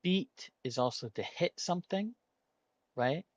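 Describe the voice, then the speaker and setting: Man solving a word puzzle aloud, unhurried and hesitant, dry close sound. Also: a little high, lively intonation, darkish tone, no room sound, lo-fi sound. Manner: muses aloud, hesitant, weighs options slowly. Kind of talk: thinking aloud while playing.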